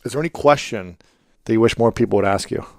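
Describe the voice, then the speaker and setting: Interview host guy, lowish voice, mostly short reactions and questions, dry sound. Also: fast, no room sound. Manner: attentive, brief reactions and questions. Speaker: podcast host. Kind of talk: casual interview.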